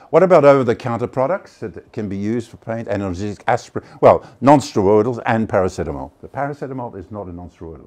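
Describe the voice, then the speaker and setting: A man's voice: low voice, darkish tone. An older man giving a chatty, digressive conference lecture on medicines. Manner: chatty and digressive, many hesitations. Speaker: pharmacology lecturer.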